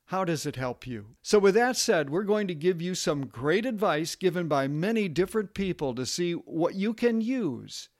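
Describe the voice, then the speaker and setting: A man co-hosting a marriage podcast, reading in an earnest, plain-spoken way. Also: a little high. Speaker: podcast co-host.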